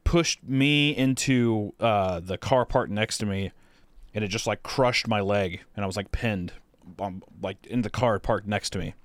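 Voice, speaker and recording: A man's voice: fairly low pitch, measured pace, no echo. A young man co-hosting a podcast, telling a long story in a casual, rambling way with lots of fillers and swearing. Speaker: podcast co-host.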